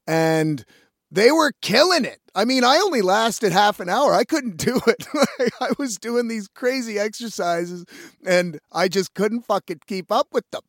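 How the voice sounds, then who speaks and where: Man, fairly high voice, dry close sound, swears a lot, laughs, rambling casual storytelling. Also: lively intonation, unhurried, a bit bright, no room sound. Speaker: musician.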